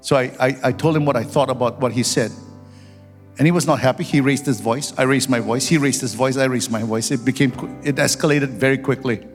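A man's voice: mid-range voice, a little fast, in a large hall, faint music behind. A man preaching a sermon as a pastor, telling stories and building into fervent prayer. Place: church sanctuary.

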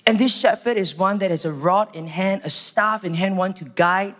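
A Singaporean man with a Singaporean English accent giving a church sermon. He opens with a prayer and then tells animated stories. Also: sits high, moderate pace. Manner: animated storytelling, acts out quotes. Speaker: church staff preacher. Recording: long hall reverb.

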